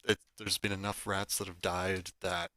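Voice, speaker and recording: Narrating a tabletop session as its game master, a man speaks in a low, level voice at normal speed with a sharp edge. His delivery is casual and stuffed with fillers, especially the word "like."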